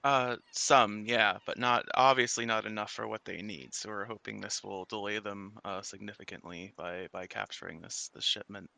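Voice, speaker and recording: A man's voice: on the low side, steady tone, moderate pace, gravelly, few pauses, sharp tone, dry recording. A man playing in a tabletop game, speaking hesitantly with many fillers. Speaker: player. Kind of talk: casual in-character play.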